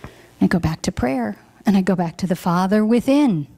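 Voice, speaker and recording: A woman's voice: medium pitch, lively intonation, normal speed, creaky, warm tone. Woman minister giving a heartfelt sermon. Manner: heartfelt, reflective, emotional at times. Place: church hall.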